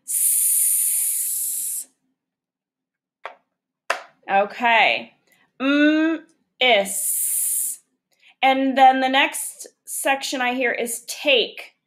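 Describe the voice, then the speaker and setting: A woman's voice: high-pitched, takes it slowly, a bit bright. A woman teacher giving a recorded phonics lesson to young children, patiently sounding out letters and syllables one by one.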